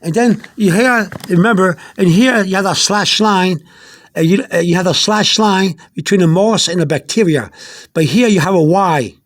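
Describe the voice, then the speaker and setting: In a high-pitched voice at normal speed, a man teaching Spanish records a relaxed pronunciation lesson on a phone in one hand. He goes over words repeatedly and patiently, with frequent restarts.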